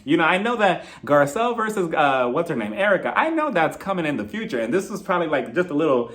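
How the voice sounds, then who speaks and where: A young man talks through a reality show episode in a sassy, gossipy way, slipping into quoted lines from the cast. His voice sits a little high and swings up and down a lot as he acts them out. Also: big pitch swings, fairly quick, a bit bright. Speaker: reality TV recap host. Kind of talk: casual recap commentary.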